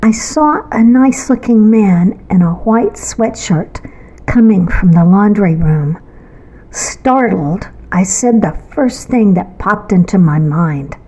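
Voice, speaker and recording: A woman reads her own story aloud, building suspense with measured pauses. Her delivery is slow and unhurried. Her tone stays mellow and warm throughout. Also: mid-range voice, animated, breathy edge, rough recording. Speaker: author and narrator. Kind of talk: storytelling narration.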